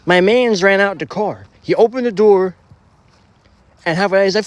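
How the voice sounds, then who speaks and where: A young man with a slightly high voice tells a casual, rambling story, heavy on slang and swearing. He restarts his sentences often and piles on filler. The sound is dry and close. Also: moderate pace, no echo. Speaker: storytelling vlogger.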